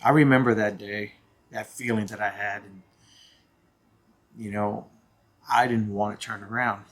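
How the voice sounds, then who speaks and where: A man's voice: lowish voice, fairly even intonation, unhurried, a bit bright. A man in his fifties telling a personal story on his vlog in an earnest, emphatic way. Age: 50s. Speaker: channel host.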